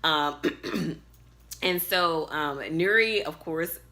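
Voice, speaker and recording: Woman vlogger, bright lower voice, chatty recap, easily fired up. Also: drawn-out words. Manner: chatty, many fillers, gets worked up. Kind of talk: casual recap talk to camera. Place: her bedroom.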